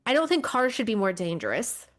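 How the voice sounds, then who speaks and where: A woman's voice: fairly high pitch, very animated, a little fast. A woman co-hosting a podcast, talking conversationally with fillers and restarts. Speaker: podcast co-host. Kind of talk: casual chat.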